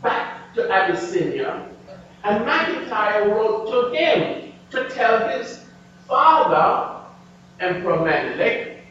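Man lecturer, high voice, slow and emphatic, distant echoey lo-fi hall recording. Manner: animated, emphatic, addresses audience. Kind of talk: history lecture with slides. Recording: echoey, distant, dull lo-fi room recording with faint hum.

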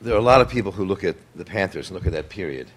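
Low voiced guy interviewing someone, kinda restarts his sentences a lot. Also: animated, very fast. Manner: thoughtful, rephrases questions mid-sentence. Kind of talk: conversational interview.

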